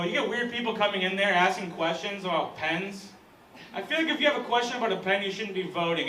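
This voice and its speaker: A young American man performing a live stand-up set, self-deprecating and chatty with the crowd. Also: high voice. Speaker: stand-up comedian. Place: comedy club stage. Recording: echoey room from far off with loud crowd noise. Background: audience laughter.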